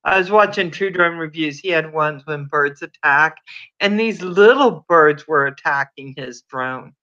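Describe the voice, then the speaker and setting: A man's voice: on the high side, unhurried, bright, forceful tone, lo-fi sound. A man hosting a casual livestream chat, reading the chat and reacting with gushing exclamations. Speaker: livestream host.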